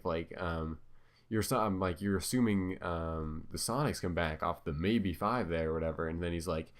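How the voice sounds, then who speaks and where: A man's voice: low-pitched, moderate pace. A man giving casual commentary over his own clips, talking hesitantly with many ums and restarts. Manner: filler-heavy, hesitant, self-correcting.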